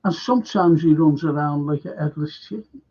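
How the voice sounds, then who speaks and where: The recording is dull lo-fi, carrying a man's somewhat high voice at a moderate pace. He hosts a fan football show, raging through an angry monologue, swearing nonstop and repeating himself.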